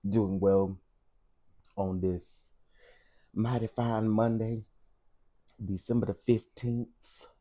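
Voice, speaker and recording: A man talks to his livestream viewers in a low, mellow voice with a husky edge. He chats loosely, calls out viewers by name and repeats his phrases again and again. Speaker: livestream host. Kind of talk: casual livestream chat.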